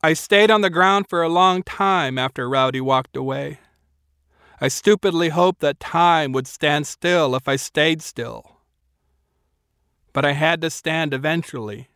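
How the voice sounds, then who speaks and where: A man's voice: a little high, unhurried, a bit bright, smooth, dry recording, clean studio sound. A man narrating a first-person audiobook in a wry, self-mocking storytelling manner.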